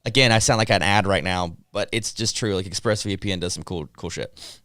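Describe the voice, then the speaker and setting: A man's voice: low-pitched, normal speed, bright, forceful tone, no room sound, clean studio sound. A young man co-hosting a podcast, rambling in casual chat with lots of fillers. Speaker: podcast co-host.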